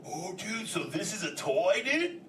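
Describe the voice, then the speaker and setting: With an exaggerated, very animated, fairly bright high voice, an actor plays a chill, goofy male sea turtle who speaks like a surfer and says "dude" all the time. He takes his time chatting with a live theme park audience. The clip is recorded from far back in an echoey theater, crowd noise included.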